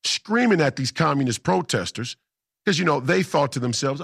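A man's voice: a little high, lively intonation, normal speed, gravelly, fairly bright tone, breathy edge, no echo, clean studio sound. A man in a casual storytelling monologue, emphatic and combative, repeating himself for effect. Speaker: political commentator.

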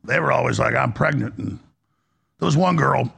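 A man hosting a radio talk show, delivering an impassioned, preachy monologue in a gravelly, husky voice that swings between high and low. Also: moderate pace, fairly bright tone.

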